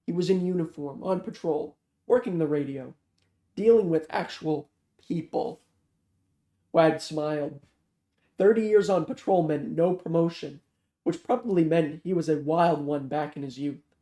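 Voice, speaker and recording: Male reader, novel read-aloud, measured, slightly high voice, mellow, echoey. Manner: steady, measured narration. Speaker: audiobook reader. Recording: roomy echo.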